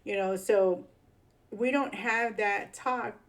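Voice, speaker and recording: A woman's voice: mid-range voice, fairly even intonation, slow. A woman with a Chicago accent talking casually in a vlog, slangy, rambling and fired up. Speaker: vlogger.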